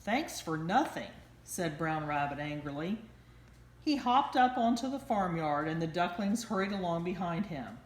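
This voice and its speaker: A woman teacher reading a bedtime story aloud in a slow, expressive storytelling manner. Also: on the low side. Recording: roomy echo.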